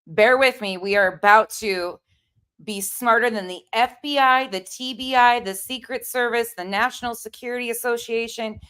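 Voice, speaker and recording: A woman's voice: fairly high pitch, fairly bright tone, clear, resonant tone. A woman hosting a casual chat, sarcastic and swearing freely as she reacts. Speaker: host reacting to a video call.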